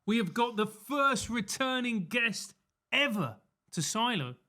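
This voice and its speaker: Male podcast host, jokey banter, high voice with a bright edge. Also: sing-song, unhurried. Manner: jokey and teasing, laughs often. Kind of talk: casual comedic chat.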